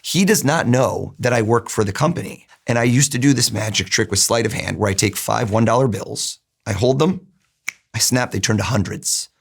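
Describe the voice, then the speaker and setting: Guy guest on a podcast, animated storyteller, earnest, mid pitch voice. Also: moderate pace, gravelly, husky.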